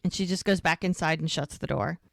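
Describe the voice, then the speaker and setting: A woman co-hosting a podcast, recapping a TV episode in a casual, animated way and quoting the characters as she goes. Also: low-pitched, a little fast, gravelly, dry recording. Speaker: podcast co-host.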